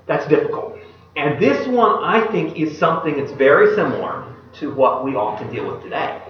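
A man preaching a sermon, retelling a Bible story in an animated way and putting questions to his listeners. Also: fairly high pitch, normal speed, slight background noise. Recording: echoey, distant, dull room recording.

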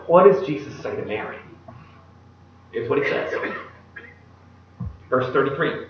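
A male pastor giving a sermon and reading scripture aloud. He acts out the quoted speech in a casual modern voice and drops to a hushed voice at solemn moments. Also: mid-range voice, animated, measured pace, long pauses, slight background noise. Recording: echoey hall, distant mic, dull sound.

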